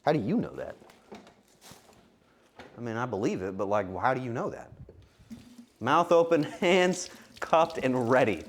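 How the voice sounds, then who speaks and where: Playful streamer guy joking with chat while cooking, pitch all over the place. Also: expressive, measured pace, pauses often.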